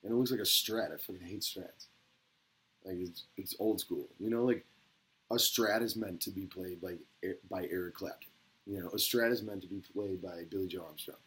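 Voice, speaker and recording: A man with a low, husky voice talks straight to the camera in a loose, rambling monologue full of swearing. He swings between quiet mumbling and sudden excited bursts. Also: normal speed, poor audio. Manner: rambling, profane, gets excited.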